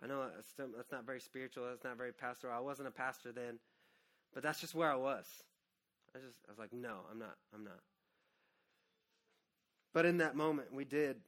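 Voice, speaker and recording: A man in his thirties, a pastor preaching an earnest, personal sermon that swings from hushed to loud. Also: mid-range voice, steady tone, fast.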